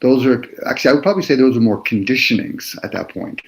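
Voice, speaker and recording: A man with a middle-range voice talking through his views in a casual discussion. He lectures at an unhurried pace, turning words over to pull new meanings out of them. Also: mid-range voice, expressive, vocal fry, noisy background. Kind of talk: casual philosophical chat.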